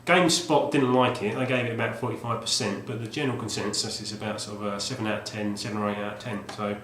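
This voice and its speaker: A retro game collector vlogger, a man with a lowish, steady voice that's a bit bright, talks fast and casually on video about a game he bought. He rambles, full of fillers, and keeps restarting his sentences. The recording has a roomy echo and a faint hum behind it.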